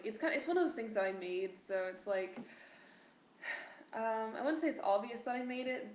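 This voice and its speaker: A teenage girl chats to her camera, rambling through fillers and restarts with self-deprecating humor. Her voice sits at a middle pitch. The room rings with echo and a faint hiss hums beneath her. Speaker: vlogger. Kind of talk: casual chat to camera. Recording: echoey room with faint noise.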